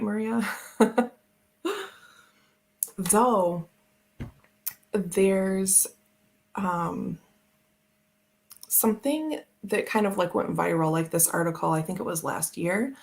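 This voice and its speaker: A woman's voice: lowish voice, creaky. A woman hosting a casual tarot live stream, chatting in a rambling way and laughing often. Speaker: tarot channel host.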